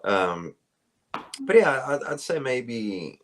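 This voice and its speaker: A South African man, a band's bassist, answering interview questions in a rambling, casual way with many fillers and restarts over a phone call. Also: sing-song, slow pace, a little hiss or hum.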